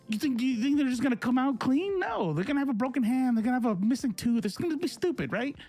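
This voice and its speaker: A man in his forties, a political streamer, ranting to his chat in a confrontational, sarcastic way. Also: high voice. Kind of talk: casual livestream rant to chat.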